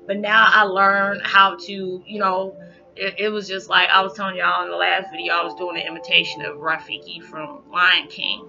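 A woman's voice: on the low side, moderate pace, gravelly. Rambling woman vlogger over background music. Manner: rambling, conversational, many "you know" fillers; animated, rising loud when acting out reactions. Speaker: spiritual vlogger. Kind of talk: casual spiritual talk. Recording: dull lo-fi audio with background music.

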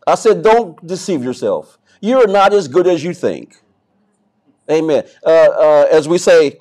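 A man preaching a sermon as pastor, swinging from soft to loud and often repeating and restarting words. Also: on the high side, lively intonation, measured pace.

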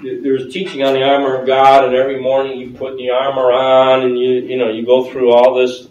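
This pastor's sermon is conversational in content, full of questions to the congregation and frequent laughter, though his medium-pitched, slightly mellow voice is delivered completely flat and briskly. He's in a church sanctuary with the congregation present. The lo-fi recording comes from a distant mic with roomy church acoustics.

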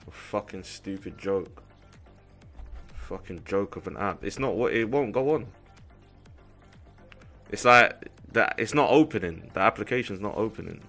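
Irritated, swearing streamer, bright voice. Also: male voice, lowish voice. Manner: irritated, profane ranting. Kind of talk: livestream chat to viewers.

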